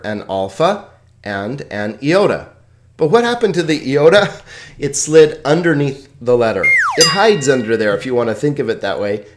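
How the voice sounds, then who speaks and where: Playful Greek teacher with lively pitch. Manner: playful, chuckles at own jokes; slow, deliberate word-by-word pronunciation drills. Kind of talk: video lesson on Greek pronunciation.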